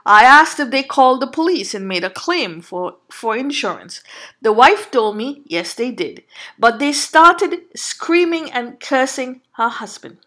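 A woman with a high voice recounts a personal story in a long monologue. She speaks earnestly and with emphasis, now and then stopping to restart a sentence. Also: expressive, unhurried, fairly bright tone. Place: Canada.

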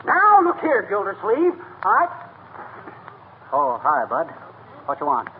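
An actor playing a blustering, boastful small-town husband who stammers when flustered, in 1940s radio comedy acting on a tinny, hissy old broadcast. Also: male voice, sits high, huge pitch swings, measured pace, heavily acted. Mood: scoffing.

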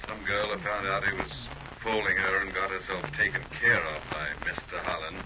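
An actor playing a blunt, businesslike police captain calling in a 1940s radio drama. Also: male voice, low voice, steady tone, normal speed, lightly acted. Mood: stern. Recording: muffled hissy old radio recording.

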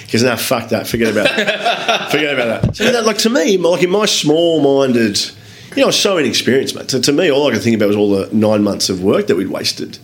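A man with an Australian accent, a guest telling lively anecdotes in a casual interview, swearing freely and acting out other people's lines. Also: mid-range voice. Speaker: guest, business owner. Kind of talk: casual storytelling in a podcast interview.

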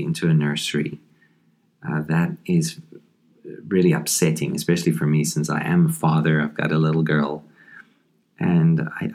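A man with an extremely low voice reviews a horror comic as a podcast host. He talks casually and thoughtfully, pausing on ums and restarting his sentences. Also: creaky, a little mellow.

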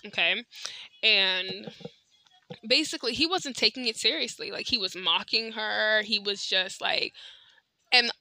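A woman's voice: mid-range voice, measured pace, long pauses, sharp tone, no room sound. A young adult woman hosting a podcast, telling a personal story in a chatty, candid way with lots of filler words. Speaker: podcast host. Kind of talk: casual storytelling monologue.

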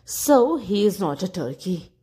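A woman voicing a gentle, anxious mother duck in a storybook, soft and hesitant, stammering when worried. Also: mid-range voice, big pitch swings, measured pace. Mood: fretful.

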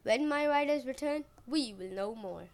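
A woman's voice: sits high, expressive, normal speed, darkish tone. Woman doing an earnest young prince. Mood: reassuring. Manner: solemn, pledging.

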